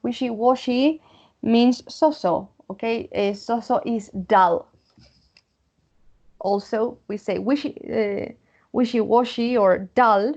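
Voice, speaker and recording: A woman from Spain with a Spanish accent, teaching English vocabulary online, repeating words slowly and checking in with "okay?". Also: on the high side, darkish tone, lo-fi sound. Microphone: computer mic.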